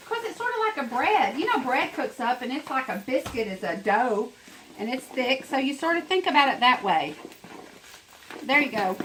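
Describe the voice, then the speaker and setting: A woman's voice: sits high, a bit bright, a little hiss or hum, poor audio. A woman chatting her way through a home cooking demonstration, rambling and talking straight to her viewers in her kitchen.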